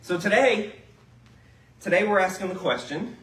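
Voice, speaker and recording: A male pastor gives a chatty sermon, his pitch sitting a bit high and moving a lot. He keeps turning to the congregation with questions. The mic is some way off, so the sound is roomy. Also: expressive, normal speed, a bit bright, recorded from a distance. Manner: conversational, asks the congregation questions. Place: church sanctuary.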